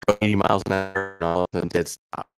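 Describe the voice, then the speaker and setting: A man's voice: low-pitched, little pitch movement, racing, music in the background. A man talking casually as a guest on a stream, laid-back and slangy, with swearing. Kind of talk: casual chat.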